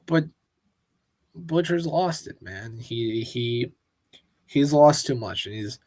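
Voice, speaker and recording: A man's voice: medium pitch, expressive, takes it slowly, a little mellow, dry recording. A man co-hosting a casual pop-culture podcast, ranting with lots of swearing. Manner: profane and ranting. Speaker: podcast co-host. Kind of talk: casual chat.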